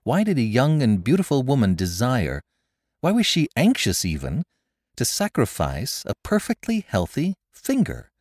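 A man narrating a classic story in a measured, expressive way, recorded close on a studio mic. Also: mid-range voice, no echo. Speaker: narrator and podcast host.

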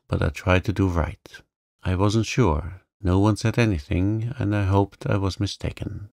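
A man voicing a gentle young woman facing illness, speaking softly, slowly and with resignation. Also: sits low, gravelly, dry recording, clean studio sound.

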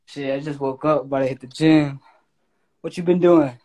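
A man's voice: a little high, steady tone, normal speed, warm tone. A man joining a casual livestream as a guest, needling the host with teasing questions.

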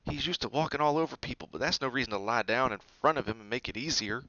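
A man's voice: medium pitch, quick pace, pushed and bright, no echo, lo-fi sound, pitched above the performer's own voice, close to an everyday voice. A man voicing a blunt, cheeky schoolboy who teases in a storybook reading.

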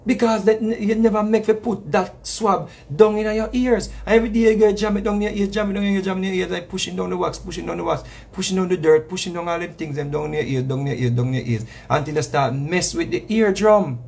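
A Jamaican man talks with a husky, breathy edge, his voice sitting high for a man. He preaches in a loose monologue and keeps circling back with repeated phrases to drive his point home. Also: fast, few pauses, darkish tone. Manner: preachy, repetitive, emphatic with slang asides. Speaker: reggae artist. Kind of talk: casual spoken monologue.

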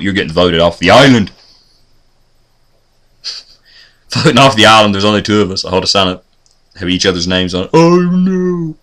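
A man's voice: low voice, bright, forceful tone. A man vlogging in a rambling, joking, self-deprecating casual chat.

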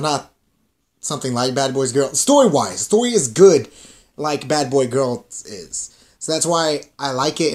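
Young male gaming host, casual rambling chat, fillers, cursing, mildly high pitch. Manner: rambling, many fillers, swears freely.

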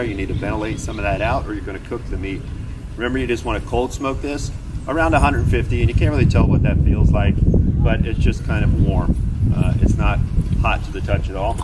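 A middle-aged man hosting an outdoor skills vlog, explaining things in a relaxed, plain-spoken way. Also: medium pitch. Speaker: outdoor skills channel host. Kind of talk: casual outdoor how-to vlog. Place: outdoors in a backyard. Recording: distant outdoor camera audio with wind noise.

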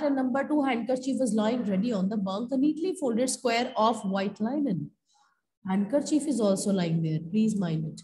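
A woman's voice: on the high side, lively intonation, moderate pace, dark tone, low-quality recording. A woman teacher with an Indian accent, reading a story aloud in class and stopping to explain it to her students. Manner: switches between reading aloud and explaining, calls students "beta". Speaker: school teacher.

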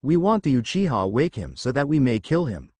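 A man's voice: medium pitch, very animated, a little fast, darkish tone, no echo. Sneering enemy ninja, read by a man. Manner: sneering, menacing.

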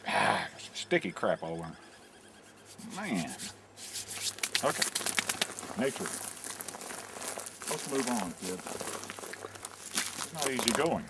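A man's voice: medium pitch, sing-song, takes it slowly, pauses often, noisy background. A man giving a mock-serious nature walk outdoors on a trail, with dry, jokey guide patter. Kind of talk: deadpan comic narration. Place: outdoors on a wooded hiking trail.

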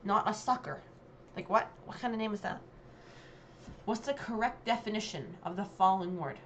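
A woman's voice: medium pitch, moderate pace, slight background noise. A woman vlogger giving casual commentary on a dialect quiz, chatty and hesitant, with many ums and self-corrections.

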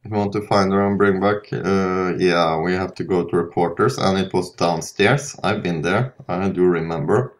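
A young man with a low, deep voice talks his way through a fantasy game in a relaxed, rambling way. He trails off, restarts, and comments casually on what he sees. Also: normal speed, hardly any pauses. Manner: relaxed, rambling, self-interrupting. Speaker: let's play host. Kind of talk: casual gameplay commentary, reading dialogue aloud.

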